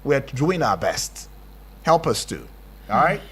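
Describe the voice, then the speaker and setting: A man with a Nigerian accent hosting a radio show, animated and exclaiming, often repeating himself. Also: mid-range voice, slow, husky. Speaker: radio host. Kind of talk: casual radio chat.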